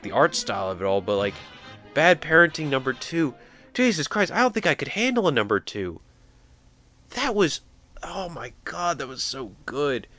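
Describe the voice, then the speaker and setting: A young man talking through a let's-play in a mid-pitched voice, close to tears and rambling from thought to thought. He slips jokey asides in between heavy moments. Soft music plays faintly underneath. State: tearful. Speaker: gamer.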